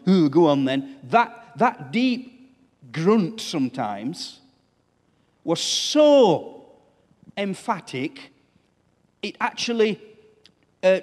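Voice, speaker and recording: A man's voice: sits high, long reverb tail. A man preaching a sermon as pastor, talking conversationally and putting questions to the congregation. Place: church.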